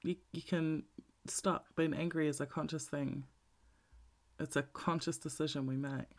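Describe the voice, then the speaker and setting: A man's voice: fairly high pitch, vocal fry. A man giving a blunt, profane, candid talk about emotional healing, repeating his points for emphasis.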